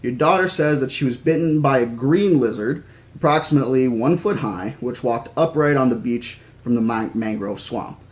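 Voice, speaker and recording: A man's voice: medium pitch, normal speed, darkish tone, natural voice. A man reading the lines of a friendly, knowledgeable male field biologist in a storybook reading.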